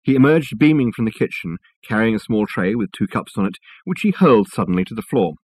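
A male audiobook narrator reads a novel in a measured, wry way. His voice is husky and a little low. He sits close to the mic, and the sound is dry with no room echo. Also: lively intonation, darkish tone.

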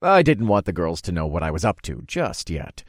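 A man reading a first-person fantasy story, his pitch swooping widely as he acts out the narration. He sits close to the mic in a dry, dead-sounding space. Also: normal speed, no room sound. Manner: lively, expressive reading. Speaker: audiobook narrator.

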